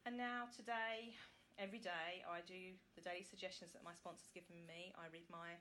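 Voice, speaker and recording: A woman with a lowish voice speaks candidly at a support meeting. She shares her story in a halting, heartfelt way, with a faint hiss of background noise. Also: steady tone, sharp tone. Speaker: member sharing at a recovery meeting. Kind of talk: personal testimony at a support meeting.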